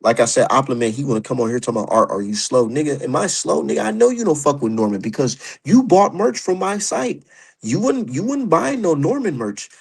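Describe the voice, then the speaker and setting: A man's voice: a little high, big pitch swings, fairly quick, gravelly, a little mellow, husky. A man ranting about boxing on his stream, heated, profane and mocking. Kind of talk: opinionated casual rant.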